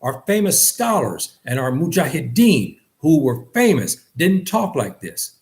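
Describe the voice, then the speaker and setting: A man teaching a lesson on faith in an earnest lecture style, repeating phrases and rising in pitch on key points. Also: big pitch swings, unhurried, a little mellow. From West Africa. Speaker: religious teacher.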